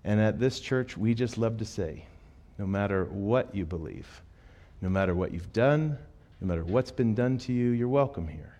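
Animated storytelling pastor, man. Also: lowish voice, moderate pace. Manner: animated, jokey storytelling with acted-out quotes. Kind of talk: sermon with storytelling. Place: church auditorium.

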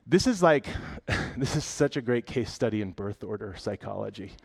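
A man giving a sermon as pastor, speaking conversationally and telling stories with humor and lively bursts. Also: fairly low pitch, normal speed, creaky, husky. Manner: conversational, animated storytelling with humor.

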